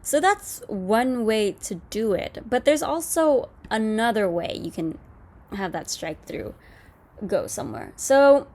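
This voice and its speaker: A woman's voice: on the high side, sing-song, takes it slowly, darkish tone. Casual woman teaching code. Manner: casual, explanatory, with fillers and self-corrections. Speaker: coding tutorial host. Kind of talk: screen-recorded coding lesson.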